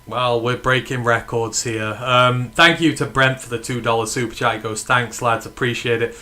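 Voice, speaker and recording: Man, bright tense voice, fan stream host, excited and emphatic, from the uk. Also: mid-range voice, moderate pace. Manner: excited, emphatic, swears freely. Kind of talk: casual live watch-along chat.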